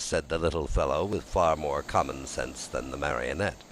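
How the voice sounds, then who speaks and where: A man narrating an audiobook in an expressive, lively storytelling manner. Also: a bass voice, moderate pace, slight background noise, rough recording.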